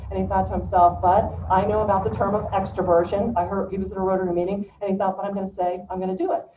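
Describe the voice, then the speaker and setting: A middle-aged woman giving a motivational speech as a guest speaker at a club meeting, telling stories in a lively, folksy, humorous way. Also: mid-range voice, a little hiss or hum. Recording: roomy, distant, dull-sounding room recording.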